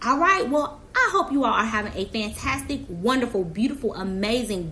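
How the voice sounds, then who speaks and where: A woman's voice: a little high, lively intonation, normal speed, few pauses, sharp tone, slight background noise. A young adult woman hosting a reaction channel, chatting casually and emphatically to her viewers and speaking straight to the person she reacts to. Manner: chatty, emphatic, talks directly to the absent subject.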